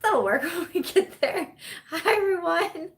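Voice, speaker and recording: Young woman vlogger, casual live-stream host at home, chatty and rambling, quick to laugh. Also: extremely high pitch, animated. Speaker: vlogger hosting a live chat. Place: at home in the evening.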